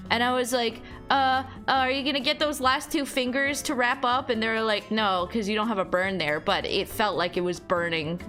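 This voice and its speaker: A woman's voice: a little high, moderate pace, few pauses, pushed and bright, faint music behind. A young woman streaming, chatting casually with her viewers, rambling with lots of fillers and laughing as she goes. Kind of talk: casual chat reading chat aloud.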